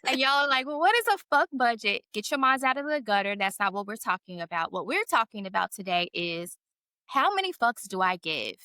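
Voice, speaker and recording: Bright-voiced candid woman podcast host. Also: mid-range voice, big pitch swings, a little fast, clear, resonant tone, dry recording. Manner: candid, laughs often, swears freely. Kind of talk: casual chat.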